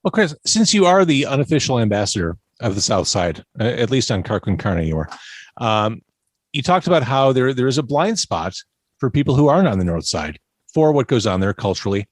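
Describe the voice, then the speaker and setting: A man's voice: mid-range voice, big pitch swings, fairly quick, no echo. A man hosting a podcast interview, asking questions and tossing in dry, wisecracking asides. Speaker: podcast host. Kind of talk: casual interview chat.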